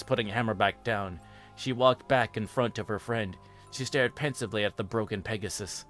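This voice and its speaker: A man, the host, reading a fan fiction horror story aloud in a steady, even narration. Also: lowish voice.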